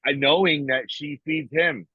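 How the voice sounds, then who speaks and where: A man's voice: on the high side, steady tone, a little slow, slightly rough, no echo. A man talking casually on a podcast, blunt and profane, often emotional and restarting his sentences. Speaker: podcast co-host. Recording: dry, tinny phone-like sound.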